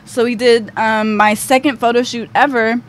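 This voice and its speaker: A young woman with a somewhat high voice tells a personal story as a podcast guest. She rambles casually, leaning on "like" and "um". A faint hiss of background noise sits under the recording. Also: fairly even intonation, moderate pace. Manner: chatty, full of fillers like "like" and "um".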